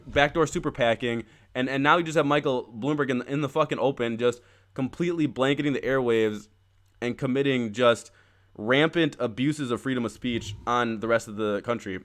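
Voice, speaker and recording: A man's voice: mid-range voice, normal speed, fairly bright tone. A man hosting a political talk stream, reading passages aloud and then ranting with heated, profane outrage. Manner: heated, profane, growing angrier; reads quoted text aloud, then riffs. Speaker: political podcast host.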